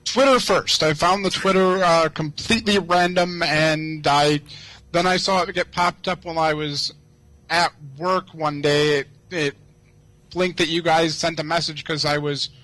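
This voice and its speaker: A man's voice: on the high side, steady tone, unhurried, pushed and bright, no room sound, poor audio. A man from the Detroit area calling in over a video call, talking casually and hesitantly, with many restarts. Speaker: caller, radio broadcaster.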